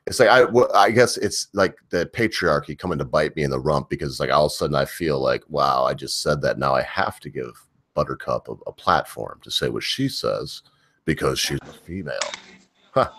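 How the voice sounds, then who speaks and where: A man hosting a livestream, giving an opinionated, rambling rant with emphatic, drawn-out stretches. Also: rumbling low, fairly bright tone, dry recording, clean studio sound. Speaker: livestream host.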